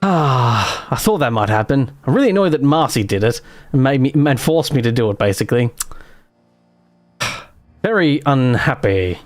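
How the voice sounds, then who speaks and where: A man's voice: medium pitch, lively intonation, normal speed, long pauses, no echo. Dry-sounding man chatting through his gameplay. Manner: chatty, muttering running commentary to himself. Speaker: gaming streamer. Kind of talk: casual live gameplay commentary.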